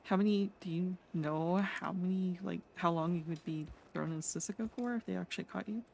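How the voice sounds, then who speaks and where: A woman streamer roleplaying a chatty artist in a game, friendly and quick to laugh. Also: on the low side, vocal fry, a little mellow, slight background noise. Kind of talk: in-character roleplay chat.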